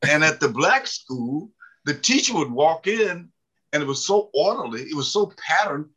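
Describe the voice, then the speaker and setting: A man's voice: on the high side, big pitch swings, moderate pace, bright, forceful tone, slightly rough, low-quality recording. Folksy older man telling stories. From mountains of the American South. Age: 70s. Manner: folksy, humorous, many fillers. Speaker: author and guest. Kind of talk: storytelling interview.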